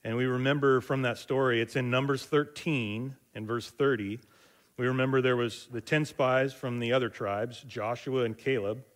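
Casual male Bible teacher. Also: medium pitch. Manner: conversational, retelling with fillers and asides.

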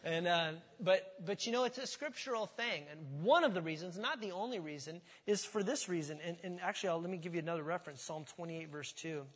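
A man's voice: high voice, animated, fast talker, hardly any pauses, husky. A man preaching a sermon in a church, speaking conversationally and putting questions to the congregation. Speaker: pastor. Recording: hall reverb.

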